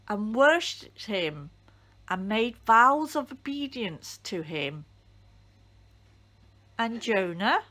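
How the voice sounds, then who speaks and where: Lady reading a bible story for kids, super slow, pitch all over the place. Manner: deliberate, expressive storytelling. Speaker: church storyteller.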